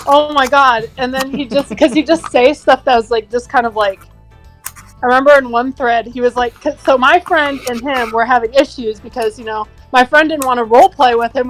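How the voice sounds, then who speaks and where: A young woman with a high voice tells an animated, exasperated story, swearing freely as she goes. It is casual chat among co-hosts, with faint music in the background. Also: poor audio. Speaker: co-host.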